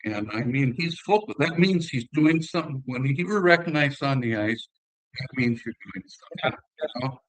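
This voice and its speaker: A man's voice: mid-range voice, moderate pace, no echo, rough recording. Older guy, upper midwest accent, rambling easygoing hockey stories, dry close sound. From northern Minnesota. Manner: relaxed, rambling anecdotes. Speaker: interview guest, former hockey player. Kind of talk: casual conversational storytelling.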